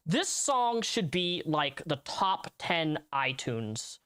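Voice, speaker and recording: Animated man hosting a rambling livestream. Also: a little high, slow, hardly any pauses, clean tone. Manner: rambling, restarts often, laughs mid-sentence. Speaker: livestream host. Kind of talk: casual livestream commentary.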